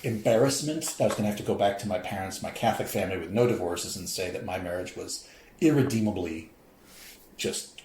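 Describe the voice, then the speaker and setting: A man's voice: low voice, fast talker, a little mellow, a little hiss or hum. A middle-aged man from St. Louis, a professor and podcast guest, telling a candid personal story with emotion and acting out quoted voices. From St. Louis, USA. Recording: roomy echoey podcast room.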